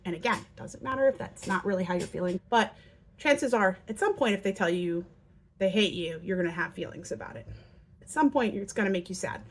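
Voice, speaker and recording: At a fairly quick clip and medium pitch, a woman instructs parents on handling how their children act out. The parenting educator stays earnest throughout and voices illustrative quotes with lots of liveliness.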